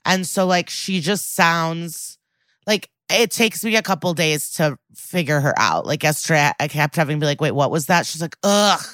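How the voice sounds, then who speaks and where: An American woman co-hosting a podcast, chatting casually and animatedly with quick asides and laughter. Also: sits low, fairly bright tone, no echo. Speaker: podcast co-host. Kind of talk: casual chat.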